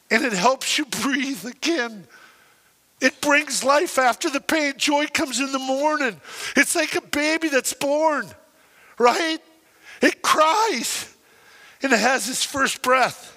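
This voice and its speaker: A male pastor preaching in an animated, emotional way. His voice sits very high and sounds bright and forceful. A long reverb from the church hall trails after his words. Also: slow. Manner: animated, emotional storytelling with acted quotes. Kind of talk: sermon.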